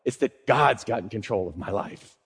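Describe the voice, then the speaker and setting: A male pastor with a fairly low, slightly bright, husky voice teaches at normal speed with lively intonation. He quotes scripture and asks rhetorical questions, and the recording carries long hall reverb.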